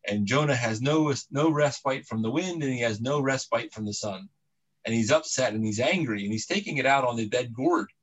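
Male preacher, mid-pitched, chatty sermon storyteller with frequent asides. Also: moderate pace, rough recording. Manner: casual, conversational retelling with restarts and asides.

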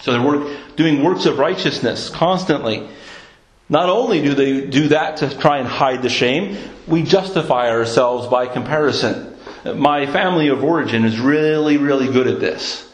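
A man's voice: medium pitch, normal speed. Earnest man preaching in an echoey room. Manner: earnest, repeats words when searching for them. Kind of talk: sermon.

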